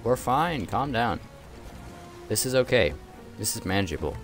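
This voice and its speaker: A young man playing a co-op game with a friend, teasing and animated, with bursts of laughter. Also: lowish voice, moderate pace, soft background music. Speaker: gaming YouTuber. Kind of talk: casual co-op gameplay banter.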